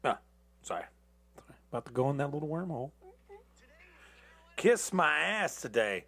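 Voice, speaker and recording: A man with a gravelly, fry-edged voice rambles through a casual podcast rant. His pitch swings widely, and he sounds tired, cursing freely and restarting his thoughts. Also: big pitch swings, normal speed, sharp tone. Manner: loose, profane and rambling, with restarts and asides. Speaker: podcast host.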